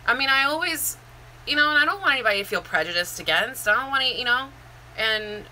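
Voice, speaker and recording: A woman with a very bright, sharp-edged voice chats openly on a live stream, rambling and heartfelt, circling back with fillers and restarts. Soft room ambience and a faint hiss sit behind her. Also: a little high, lively intonation, fast talker, rough recording. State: near tears. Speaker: vlogger and Zumba instructor. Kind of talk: casual live-stream chat.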